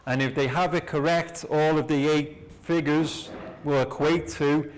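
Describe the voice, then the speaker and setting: A man teaching a class, leading slow repeat-after-me drills in a clear, encouraging way. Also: a little high, fairly even intonation. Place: classroom with students.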